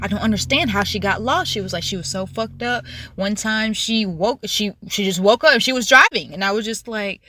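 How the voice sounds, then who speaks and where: A woman's voice: mid-range voice, brisk, bright, forceful tone. A young woman telling a story on her vlog in a casual, exasperated way, swearing, using slang and repeating herself as she vents. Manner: slangy, laughs between lines. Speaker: vlogger.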